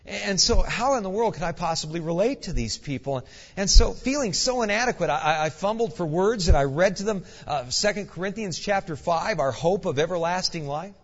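A male guest pastor preaching a sermon, an animated, earnest storyteller with folksy asides. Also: high-pitched. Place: church sanctuary. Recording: dull echoey church hall recording.

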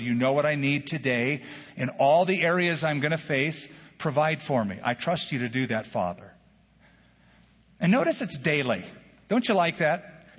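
A husky, slightly high-voiced man preaches from the pulpit, animated and playful as he acts out little prayers. His voice rings through a big church hall with long reverb. The recording sounds dull and lo-fi. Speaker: pastor. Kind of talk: sermon.

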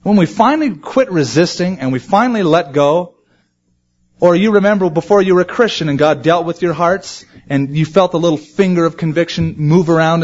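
A man preaching a sermon to his congregation, animated and acting out quoted voices. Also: fairly high pitch, dull audio. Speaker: pastor.

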